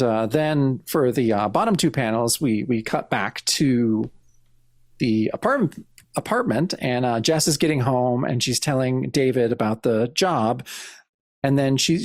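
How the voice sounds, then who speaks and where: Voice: medium pitch, dry recording, studio quality. A podcast co-host casually walking through comic panels, narrating each one with frequent restarts.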